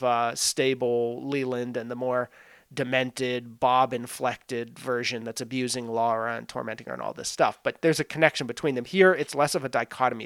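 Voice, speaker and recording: A man in a loose, casual film chat, full of fillers and restarts, now and then slipping into little acted-out bits of scenes. His voice is smooth and resonant, recorded dry and close with no room sound. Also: medium pitch, a bit bright, no echo. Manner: rambling, frequent "like" fillers, acts out scenes.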